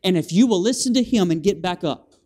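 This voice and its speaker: A man preaching an animated sermon in a church, calling for amens from the congregation and acting out scenes with sound effects. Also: high-pitched, brisk. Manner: animated, with call-and-response and vocal sound effects. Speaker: guest preacher. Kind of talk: lively evangelistic sermon. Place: church sanctuary.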